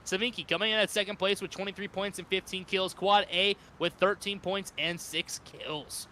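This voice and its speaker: A man calls a shooter match with high-pitched, slangy excitement. Steady game gunfire and ambience sit clearly under his play-by-play. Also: moderate pace. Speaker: esports caster. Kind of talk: play-by-play commentary. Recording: game gunfire noise behind.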